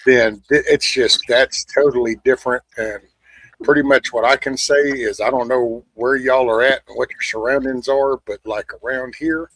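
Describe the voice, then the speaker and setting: A man with a drawl talks loosely, rambling through his points and swearing freely. His voice is husky and breathy, heard dry and close. He comes across blunt and unfiltered. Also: mid-range voice, steady tone, normal speed, fairly bright tone, dry recording, poor audio. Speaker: show host. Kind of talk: casual chat.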